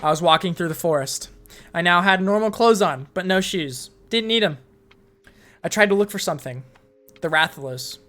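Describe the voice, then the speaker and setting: A woman's voice: on the low side, lively intonation, normal speed, a bit bright. A woman casually reading fan fiction aloud on a live stream, breaking off for profane offhand asides.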